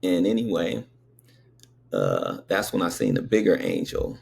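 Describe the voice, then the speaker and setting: Low gravelly man, slow and meandering. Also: huge pitch swings, darkish tone. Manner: meandering, conversational, many asides to the listener. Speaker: storyteller. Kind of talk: casual spoken recollection.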